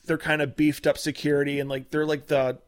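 A man's voice: on the high side, flat delivery, fairly quick. A man co-hosting a podcast, recapping a TV episode in casual chat with lots of fillers and restarts.

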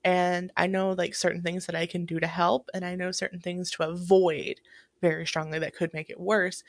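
A woman's voice: lowish voice, level tone, normal speed, vocal fry, no room sound, studio quality. A woman talking in a casual, reflective way, with many fillers and restarts. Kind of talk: casual chat.

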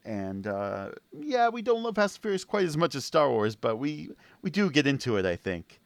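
A man's voice: a little high, very animated, normal speed, creaky, dry recording. A man co-hosting a podcast in a casual, easygoing chat, laughing often. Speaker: podcast co-host.

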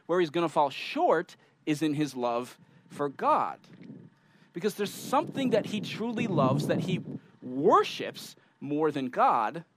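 A man preaching a sermon, reading scripture aloud and explaining it in a conversational, animated way with asides to his listeners. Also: fairly high pitch, a little hiss or hum, rough recording. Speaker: pastor.

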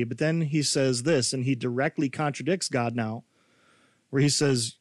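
A male pastor preaching a sermon in a conversational, animated way, full of rhetorical questions. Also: a little high, moderate pace, no room sound.

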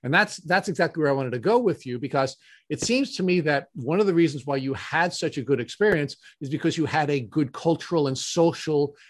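A man's voice: a little high, a little fast, no room sound, clean studio sound. A man hosting an interview, talking earnestly with frequent restarts and repeated words. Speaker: podcast host. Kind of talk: interview conversation.

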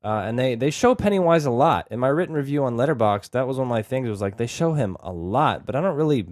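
A man's voice: medium pitch, animated, quick pace, a little mellow, dry recording, studio quality. A man co-hosting a podcast in a casual film review chat, talking hesitantly with many fillers and restarts. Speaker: podcast co-host.

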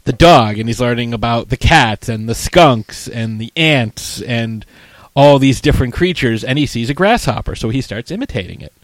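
A man in casual conversation, retelling film scenes in a loose, rambling way full of "like" and restarts. His voice is mid-pitched and sits close to the mic in a dry, dead room. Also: no room sound. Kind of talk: casual chat reviewing a film.

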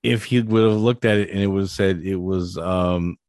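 Low-voiced podcast guy, rambly and hesitant, keeps restarting, dry close mic. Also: fairly even intonation, moderate pace, darkish tone, no echo. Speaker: podcast co-host. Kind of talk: casual chat.

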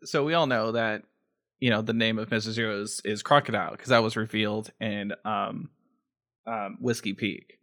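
A man co-hosts a podcast in a casual, enthusiastic chat, swearing now and then. His voice is lowish and steady with a fairly bright tone, and he talks at a moderate pace.

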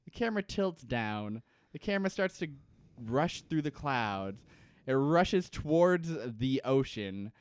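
A man's voice: mid-range voice, very animated, unhurried, smooth. A man co-hosting a podcast in a casual comedic chat, jokey and swearing freely. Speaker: podcast co-host.

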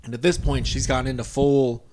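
A man hosting a podcast, chatting casually and walking through a story with lively, filler-heavy speech. His voice sits at an ordinary middle pitch. Faint noise and clicks sit behind him. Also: normal speed. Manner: animated plot retelling, many "like" fillers. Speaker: podcast host. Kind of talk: casual chat.

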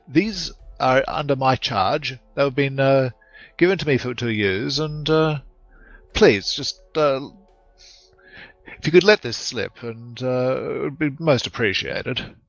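A man voicing a polite male adventurer who speaks formally and hesitantly, halting often. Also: medium pitch, no room sound, lo-fi sound, faint music behind. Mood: formal, evasive.

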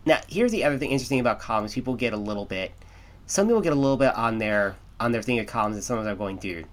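A man's voice: mid-range voice, lively intonation, racing. An American man co-hosting a podcast, rambling in casual chat full of restarts and fillers. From United States. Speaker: podcast co-host.

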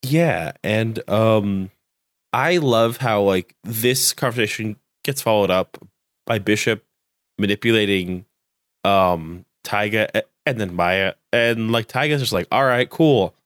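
A man's voice: fairly low pitch, slow pace, dry recording. Young man rambling in a dry room. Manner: rambling, heavy filler words, animated quoting. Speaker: podcast co-host. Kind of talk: casual chat.

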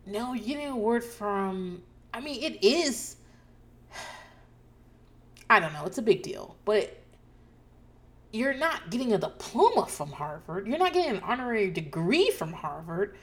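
A woman's voice: medium pitch, a little slow, pauses often. Swearing, ranting podcast woman. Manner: ranting, swears freely, animated asides. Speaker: podcast host recapping a show. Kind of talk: casual recap chat.

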